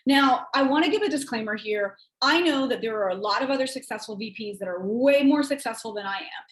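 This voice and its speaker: In a loose, wandering coaching session, a female sales team leader chats away and voices quoted texts at a higher pitch. The room is echoey and the recording is rough.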